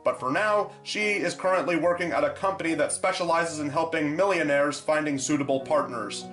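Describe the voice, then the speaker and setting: A man narrating a comedic film review in a sarcastic, deadpan way. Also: on the high side, brisk. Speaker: movie reviewer. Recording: echoey room with faint music.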